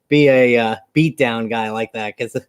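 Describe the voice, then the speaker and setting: A man's voice: mid-range voice, lively intonation, unhurried, clear, resonant tone. Easygoing man recapping a show. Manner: easygoing, many "uh" fillers, chuckles often. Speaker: wrestling show co-host. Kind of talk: casual review chat.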